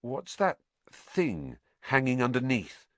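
A man voicing an anxious, excitable schoolboy who talks in quick, raised bursts. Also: mid-range voice, no echo.

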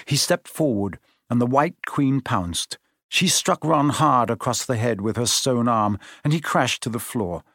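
Guy narrating a storybook, steady measured read, dry close mic. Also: medium pitch, no room sound. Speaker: audiobook narrator.

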